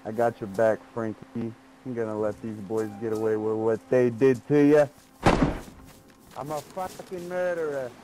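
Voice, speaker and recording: A man's voice: medium pitch, steady tone, unhurried. A man trash-talking in a swaggering, menacing way over in-game voice chat. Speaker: game player. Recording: loud background noise.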